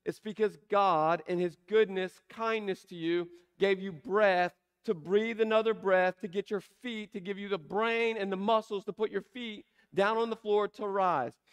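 A man preaching a sermon, asking emphatic rhetorical questions and slowing down to stress key words. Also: high-pitched, steady tone, clean tone. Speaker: pastor.

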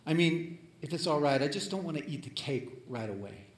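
A man voicing a timid woman in her late thirties who speaks softly and haltingly. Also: fairly high pitch, expressive, natural voice. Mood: hesitant. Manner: soft, hesitant, halting. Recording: echoey room.

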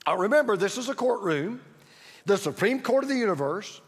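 A male pastor preaching a sermon emphatically, repeating key phrases and swinging from loud to hushed. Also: high voice, expressive, brisk, breathy edge, big-room sound. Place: church sanctuary.

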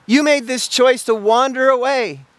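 A man's voice: very high-pitched, a little slow, fairly bright tone, a little hiss or hum, voice pushed up. A preacher voicing God as a stern male deity who presses with repeated questions. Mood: probing.

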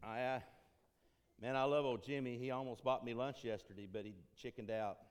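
A man's voice: mid-range voice, steady tone, a little fast, clear, resonant tone. Folksy male church speaker from Tennessee. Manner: folksy, joking, repeats phrases for emphasis. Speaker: interim ministry consultant. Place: church sanctuary.

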